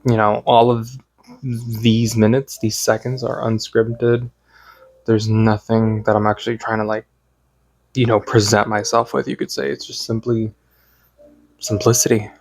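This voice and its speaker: A man's voice: lowish voice, flat delivery, unhurried, gravelly, darkish tone, dry recording. A young man rambling reflectively in an unscripted late-night vlog from home, talking casually and swearing now and then. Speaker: vlogger.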